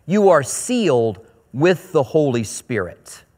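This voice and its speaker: A man preaching a sermon, reading scripture slowly and then explaining it in quicker, casual asides. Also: a little high, very animated, a little mellow, in a large hall. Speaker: pastor.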